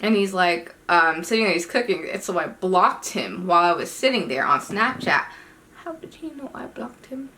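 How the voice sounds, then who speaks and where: Young woman vlogging a storytime, bright sharp voice, animated and fed up, swears a lot, plays out every line of dialogue herself. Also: on the low side, normal speed, slight background noise. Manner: animated, exasperated, profane, acts out the dialogue herself. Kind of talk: casual storytime chat.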